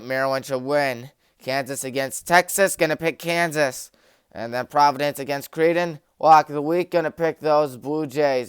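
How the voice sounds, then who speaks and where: A man's voice: mid-range voice, clear, resonant tone, no room sound, studio quality. A young man hosting a sports talk show, rattling off game picks with jokey, rambling asides. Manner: jokey, rambling, self-mocking. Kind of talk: rapid-fire game picks with joking asides. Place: small community TV studio.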